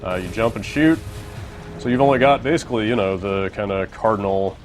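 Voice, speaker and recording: A man's voice: lowish voice, brisk, faint music behind. A man giving casual gameplay commentary as he plays, laid-back and rambling with lots of fillers. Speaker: co-host playing the game.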